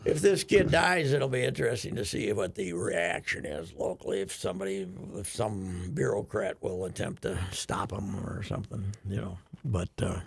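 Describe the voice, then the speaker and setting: A man's voice: fairly low pitch, normal speed, hardly any pauses, a little hiss or hum. An older man telling a rambling, chuckling story in casual radio chat, with frequent restarts. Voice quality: gravelly, husky. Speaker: radio show regular.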